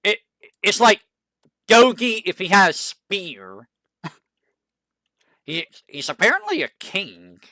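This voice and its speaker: This is a streamer in casual chat who thinks out loud, asks itself questions and stumbles through the bios it reads. The voice is bright and swings widely in pitch. It takes its time, and the dry, close sound has no room echo. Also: lively intonation, slow pace, pauses often. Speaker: VTuber streamer. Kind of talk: casual stream chat, browsing game characters.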